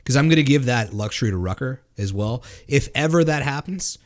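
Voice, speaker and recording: Speaking at medium pitch with lively intonation, a man co-hosts a laid-back drinking podcast. His talk is rambling and profane, broken up by lots of fillers and restarts.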